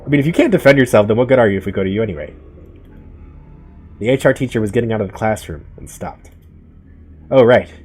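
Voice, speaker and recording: A man's voice: on the low side, animated, quick pace, pauses often, a little mellow, slightly rough, soft background music. A man voicing a stern male teacher who gives orders in a firm, raised voice. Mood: commanding.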